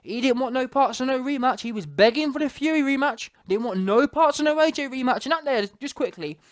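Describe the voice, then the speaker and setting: A man's voice: extremely high pitch, lively intonation, fairly quick, no echo, studio quality. A man, a boxing commentator ranting casually to camera, emphatic and digressive, full of street slang.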